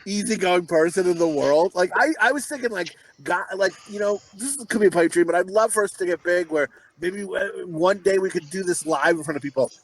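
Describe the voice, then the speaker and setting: A man co-hosting a podcast, telling crude stories with lots of swearing and acting out shouted quotes. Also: high-pitched, fairly quick, hardly any pauses, rough recording. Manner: profane, animated, acts out shouted quotes. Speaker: podcast co-host. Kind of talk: crude comedic storytelling.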